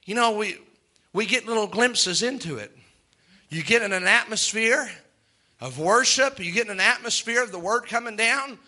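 A man preaching a sermon, chanting long lists in a slow rhythmic litany and chuckling between points. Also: high voice, bright, forceful tone.

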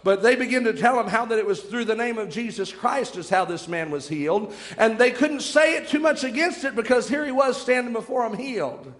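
High-voiced man preaching in a hall. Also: expressive, brisk, few pauses, a bit bright. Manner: storytelling, dramatic retelling with shifting pace. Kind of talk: sermon.

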